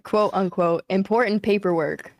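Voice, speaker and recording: A young woman hosting a live stream, telling a story in a casual, animated way, swearing freely. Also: medium pitch, moderate pace, no room sound, clean studio sound. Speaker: streamer host.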